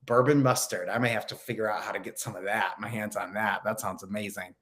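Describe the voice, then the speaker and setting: A man's voice: fairly low pitch, fairly even intonation, brisk, fairly bright tone. Chatty man hosting a spiritual livestream. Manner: upbeat, reads viewer comments aloud, many fillers. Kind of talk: casual livestream chat.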